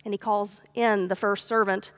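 In a church sanctuary, a woman pastor delivers a sermon, telling a parable in a conversational, folksy way. Her medium-pitched voice is flat and moderately paced, though she raises it to act out the characters' pleas.

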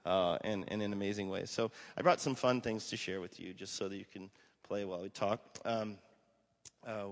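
A man in his forties, a pastor giving a casual, animated sermon with stories and lots of fillers. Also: fairly low pitch. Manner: animated, conversational, many fillers, acts out quotes. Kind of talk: casual sermon talk with storytelling. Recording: long hall reverb.

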